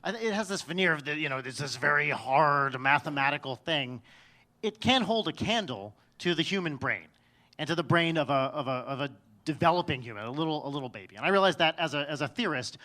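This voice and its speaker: A man with a fairly high, bright, ringing voice tells a personal story to a live audience. He plays it for laughs, jumping from loud, excited bursts to low, murmured asides. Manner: comic, swings between loud bursts and quiet asides. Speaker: storyteller on stage. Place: stage before an audience.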